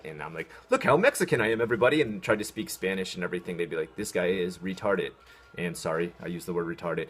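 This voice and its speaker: An American man ranting sarcastically about an article in a casual vlog, with a lot of ums and restarts. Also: deep voice. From United States. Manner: sarcastic, mocking, talks in spurts with fillers. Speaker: video host reacting to an article.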